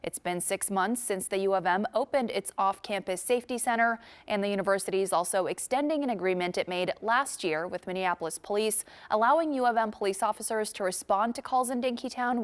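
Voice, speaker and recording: A woman reading a scripted TV news report at mid pitch. Her delivery stays even and measured from line to line.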